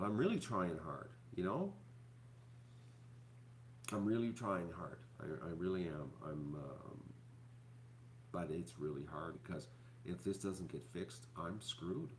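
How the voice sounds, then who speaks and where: A man hosting his own channel, talking to viewers in a rambling, halting way full of fillers and restarts, sounding depressed and upset. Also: on the low side, fairly bright tone, slight background noise. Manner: halting, repeats words, many fillers. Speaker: YouTuber host. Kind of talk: rambling live-stream talk to viewers.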